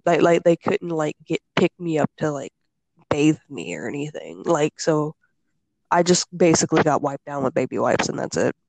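A young woman chats casually, her voice gravelly and recorded close and dry. She tells her story loosely, full of filler words and blunt swearing. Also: deep voice, very animated, moderate pace, a little mellow, no room sound, low-quality recording. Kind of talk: casual chat.

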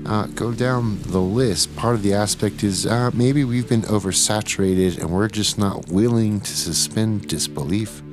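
A man with a very low voice talks on a podcast, reading out a quote and then steering the talk into a new segment. Music plays clearly behind him. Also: a little slow, hardly any pauses. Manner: leads into segments. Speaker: podcast co-host. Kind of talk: casual chat and reading a quote.

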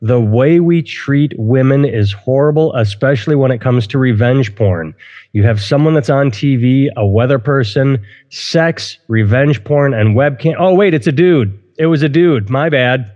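A man's voice: mid-range voice, normal speed, darkish tone, big-room sound. A man hosting a podcast, chatting casually and wryly about odd news stories and reading out quotes. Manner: wry, amused, reads out quotes. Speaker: podcast host. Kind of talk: casual comedic news chat. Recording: slightly dull lo-fi sound.

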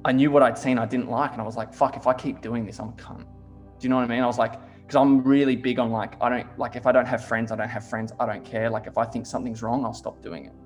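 A man's voice: mid-range voice, quick pace, hardly any pauses, soft background music. Swearing man, casual chat. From Australia. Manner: swears a lot, heavy use of "like", animated storytelling.

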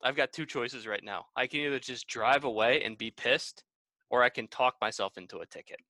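A man in a casual chat, telling a story in a relaxed way and saying "like" often. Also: mid-range voice, fairly quick, no echo.

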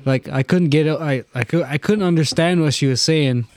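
A man's voice: fairly high pitch, moderate pace, darkish tone, no echo. A young man telling a rambling story in casual chat, swearing a lot and filling gaps with "uh" and "like". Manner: rambling storyteller, heavy swearing, many fillers. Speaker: podcast co-host.

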